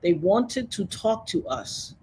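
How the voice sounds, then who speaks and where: An outspoken woman speaks as an interview guest, pressing her points with emphasis. Her voice sits at an ordinary middle pitch. A faint hiss runs under the recording. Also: sing-song, takes it slowly, a little mellow. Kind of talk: animated interview talk.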